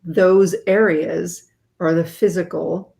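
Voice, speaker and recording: Earnest woman, low voice. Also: steady tone, takes it slowly, creaky, mellow. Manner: earnest, explanatory. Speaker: guest author. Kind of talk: interview explanation.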